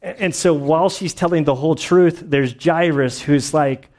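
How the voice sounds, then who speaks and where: A man's voice: fairly high pitch, moderate pace, hardly any pauses, a little mellow. A man teaching through a Bible passage in a casual, rambling way, full of filler words, restarts and the occasional laugh. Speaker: pastor.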